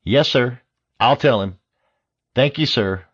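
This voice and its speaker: A man's voice: medium pitch, slow, fairly bright tone, husky, voice pushed up. A man voicing an eager, obedient male agent whose speech is muffled by a swollen jaw. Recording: dull lo-fi audio.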